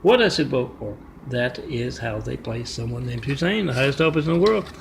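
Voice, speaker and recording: Gravelly, rambling male storyteller. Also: medium pitch, lively intonation, brisk, slight background noise. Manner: rambling, with many fillers. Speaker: vlogger.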